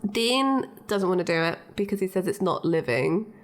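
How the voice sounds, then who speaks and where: A woman co-hosting a podcast in casual chat, lively and chatty, often laughing. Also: lowish voice, normal speed. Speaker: podcast co-host.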